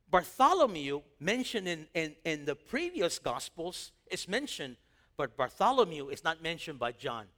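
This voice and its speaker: A man preaching a sermon, acting out Bible dialogue in lively quoted voices. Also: sits high. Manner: animated, acts out Bible dialogue in quick voices. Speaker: pastor.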